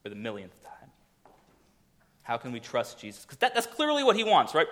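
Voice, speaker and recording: A man preaching a sermon, talking conversationally and asking the congregation rhetorical questions, swinging from loud to hushed. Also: on the high side. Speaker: pastor.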